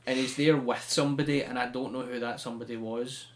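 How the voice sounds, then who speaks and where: Man, podcast host, casual chat, animated storyteller, average pitch. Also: quick pace, slight background noise. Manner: chatty, animated storytelling with laughs.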